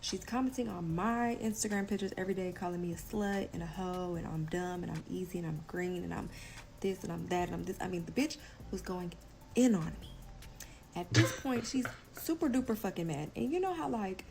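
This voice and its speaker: A woman's voice: on the low side, fairly quick, vocal fry, a little mellow, poor audio. A young woman speaking tells a story straight to camera in a casual, candid vlog. Her speech is loose and profane, packed with "like" fillers, with a faint hum of room ambience behind her. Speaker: vlogger telling a personal story.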